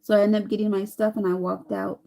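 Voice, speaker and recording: A woman's voice: medium pitch, quick pace, vocal fry. A woman in her thirties chatting casually while doing her makeup, telling a rambling story and acting out the lines of the people in it. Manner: chatty, rambling, animated quoting. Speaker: vlogger.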